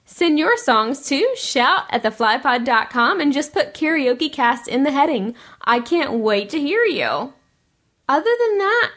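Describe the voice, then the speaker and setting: A woman's voice: high voice, fairly bright tone. A woman hosting a podcast in a casual, chatty way, laughing often. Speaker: podcast host. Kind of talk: casual chat.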